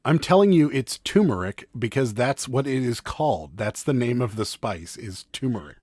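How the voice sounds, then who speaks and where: A man's voice: mid-range voice, expressive, normal speed, a little mellow, dry recording, studio quality. A man co-hosting a live home stream, chatting casually in a rambling, teasing way full of fillers. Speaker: co-host of a live reselling stream. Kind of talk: casual chat. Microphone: desk microphone.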